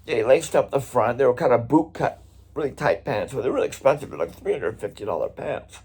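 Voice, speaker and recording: A middle-aged man with a husky, slightly rough voice tells a story from his touring days. He talks casually and conversationally, and his pitch jumps up and down with lively expression. He drops the odd swear word along the way. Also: a little fast. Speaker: drummer and vlog host.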